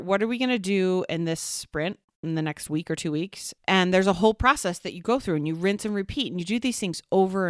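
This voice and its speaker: A cheerful woman in her thirties talks casually to her listeners, quick to laugh and easy in her manner. Her voice sits a little low for a woman. The recording is close and dry, with no room sound. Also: smooth, dry recording. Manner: chatty and upbeat, laughs often. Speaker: podcast host and work coach. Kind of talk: casual podcast monologue.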